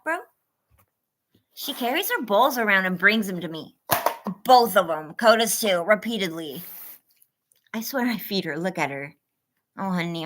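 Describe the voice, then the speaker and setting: A woman's voice: medium pitch, sharp tone. A woman hosting a casual livestream, greeting viewers by name and cooing at her dogs in a bubbly way. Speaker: livestream host.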